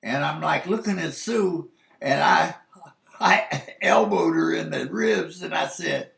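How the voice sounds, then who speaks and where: Slow, gravelly man telling a story. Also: a bit bright. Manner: rambling, halting, full of restarts and "you know"; rises sharply in pitch for incredulous asides. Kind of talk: casual personal storytelling. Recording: echoey room.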